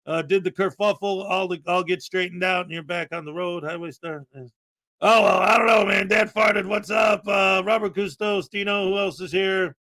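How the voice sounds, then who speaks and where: A man hosting a casual live stream, chatting loosely and greeting viewers, with rambling asides and sudden loud bursts of excitement. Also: high voice, moderate pace. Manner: chatty and rambling, many fillers.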